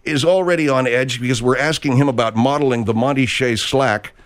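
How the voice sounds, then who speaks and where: A man's voice: medium pitch, a little fast. A man hosting a comedy talk radio show, chatty and wry as he plugs the show.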